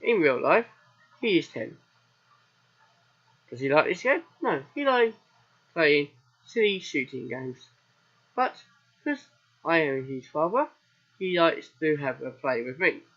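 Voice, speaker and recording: A British man hosts a let's play of a farming game, his voice scratchy and husky from a sore throat. He rambles from one aside to the next, often asking a question and then answering it himself. The recording sounds dull and lo-fi. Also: fairly high pitch, big pitch swings, slow pace, pauses often. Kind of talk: casual game commentary.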